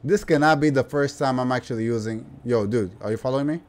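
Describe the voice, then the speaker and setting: Excitable male gamer yelping at a game. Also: mid-range voice, fast. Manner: excitable, bursts into loud yelps and exclamations; slangy, playful banter at the game. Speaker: gaming YouTuber. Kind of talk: live gameplay commentary.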